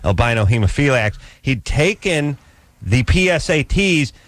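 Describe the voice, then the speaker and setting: A man's voice: medium pitch, very animated, a little slow, dry recording. A man hosting a late-night call-in radio show, riffing and ranting with sarcasm. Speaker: radio host. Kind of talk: comic radio banter.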